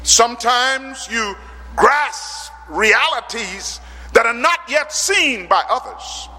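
A man from the Caribbean islands preaching a sermon, dramatic, with rhetorical questions and sudden loud peaks. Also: extremely high pitch, lively intonation, takes it slowly. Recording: long hall reverb.

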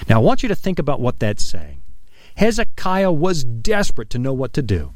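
A man preaching an earnest radio sermon, dropping his voice low for quoted scripture. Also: huge pitch swings, normal speed, no room sound. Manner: earnest, emphatic, drops low for quoted lines. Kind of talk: broadcast sermon.

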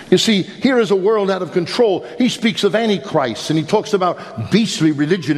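A man preaching a sermon with emphatic rhetorical questions and a faint New York accent. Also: a little high. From Brooklyn, New York. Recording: long hall reverb.

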